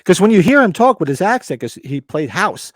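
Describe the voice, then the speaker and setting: A man's voice: high-pitched, sing-song, brisk, no room sound, clean studio sound. A man co-hosting a podcast, chatting casually, rambling and restarting, with some swearing. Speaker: podcast co-host. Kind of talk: casual chat.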